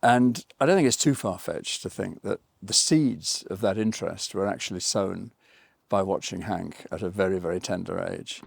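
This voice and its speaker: An older man with a somewhat low voice reflects in a documentary interview. He talks in a thoughtful, digressive way, often stopping to correct himself as he works out a point. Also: normal speed, gravelly, slight background noise. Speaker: film writer and interviewee.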